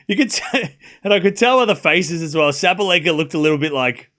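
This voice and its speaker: A man's voice: fairly high pitch, moderate pace, pushed and bright. A man commentating a tennis match live on stream, chatty and incredulous, laughing often and talking to his chat.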